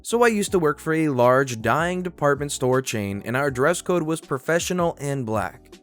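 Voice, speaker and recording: Animated man reading reddit stories. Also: fairly high pitch, normal speed, faint music behind. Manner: animated, sarcastic commentary between stories. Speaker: narrator.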